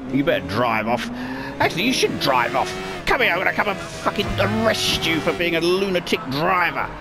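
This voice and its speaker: A Cockney man commentates his gameplay in a slightly high, very lively voice, swearing freely and erupting whenever the game surprises him. His tone is gravelly. Loud car and game noise plays under his talk. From East End of London. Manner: heavy swearing, excitable outbursts at the game. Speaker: gaming channel host. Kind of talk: casual let's-play commentary.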